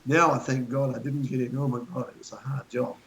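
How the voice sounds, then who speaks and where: An Australian man in his fifties chats as a guest, wandering through long anecdotes and chuckling along the way. His voice sits at an everyday middle pitch, with a faint hiss in the recording. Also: flat delivery, a little fast, fairly bright tone, poor audio. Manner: rambling anecdotal storyteller, chuckling. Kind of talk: casual chat.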